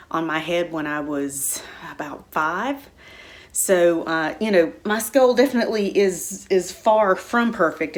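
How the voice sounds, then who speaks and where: A middle-aged woman talking casually and warmly about her own life, rambling with many fillers and restarts. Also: lowish voice. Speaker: spiritual center speaker. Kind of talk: casual personal talk.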